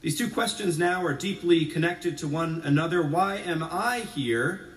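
Heard from afar amid the heavy echo of a spacious church sanctuary, a male Episcopal priest gives an unhurried sermon. His slightly high voice moves from conversational, self-deprecating humor into quiet reflection.

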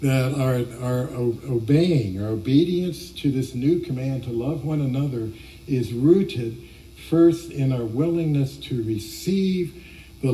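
A man's voice: medium pitch, dark tone, far from the mic, poor audio. A man from Ohio preaching a sermon, earnest and reflective, often restarting his phrases. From Ohio, USA. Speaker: pastor.

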